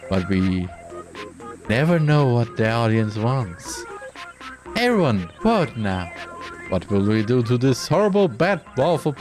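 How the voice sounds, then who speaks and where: A man's voice: medium pitch, big pitch swings, measured pace, a little mellow, soft background music. A man voicing a gleeful, sadistic male game-show presenter while reading game dialogue aloud, in a mock-cheerful, theatrical announcing manner. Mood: gloating.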